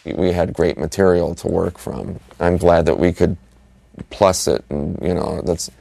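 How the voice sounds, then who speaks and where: A man, an animation director, recalling the work in a relaxed, reflective interview, often saying "you know". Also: sits low, measured pace, gravelly, no echo. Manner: relaxed, reflective, filler-heavy. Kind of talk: interview recollection.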